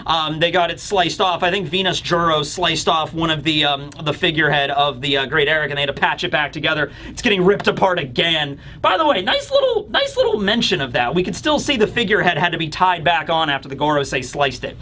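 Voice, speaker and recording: A man's voice: fairly high pitch, animated, a little fast, few pauses, pushed and bright, a little hiss or hum. A man hosting a casual manga chapter review, chatty and laughing, swearing casually. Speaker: host.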